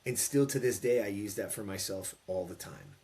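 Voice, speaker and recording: A man in his fifties speaks as a podcast guest in a slightly low voice. He tells his story emphatically, pushing key words and acting out the lines he quotes. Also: normal speed, darkish tone. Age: 50s. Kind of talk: storytelling in an interview.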